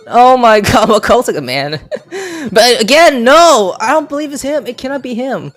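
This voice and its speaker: A woman giving let's play reaction commentary, excitable, with loud outbursts and swearing. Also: on the high side, normal speed, few pauses, faint music behind. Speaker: gaming YouTuber.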